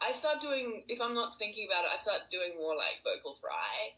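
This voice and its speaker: Chatty Australian woman, bright voice. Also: medium pitch, big pitch swings, a little fast, low-quality recording. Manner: chatty, laughs often. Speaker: actor on a panel. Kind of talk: casual panel talk.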